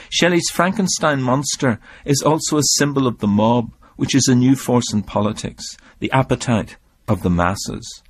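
Male documentary narrator for poetry commentary, mid-range voice, measured pace, dry close sound. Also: medium pitch, expressive, no room sound. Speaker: literary commentator.

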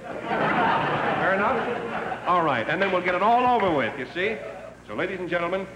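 A man's voice: high voice, lively intonation, moderate pace, reverberant, in a large hall, crowd noise, background noise. A man hosting a television show, jovially introducing a comedian. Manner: jovial showman. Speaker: television host. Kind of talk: introducing a guest.

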